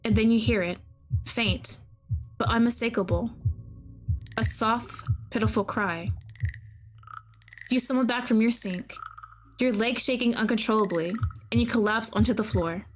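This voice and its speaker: A woman's voice: on the high side, unhurried, long pauses, faint music behind. A young woman streamer reading a horror game aloud, breaking in with dramatic, alarmed reactions.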